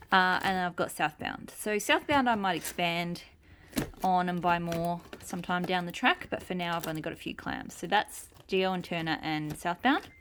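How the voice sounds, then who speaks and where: A woman's voice: lowish voice, a bit bright. A woman from Australia with an Australian accent, chatting casually as she tours her wax melt collection at home, rambling with many ums and restarts. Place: home with noises around. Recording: noisy home recording.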